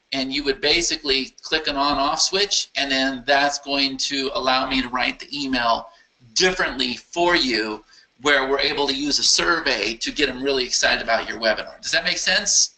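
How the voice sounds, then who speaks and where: A man hosting a casual live Q&A for his software users, answering questions enthusiastically and thinking aloud as he clicks through a screen demo. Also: medium pitch, normal speed, rough recording. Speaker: software company founder answering user questions.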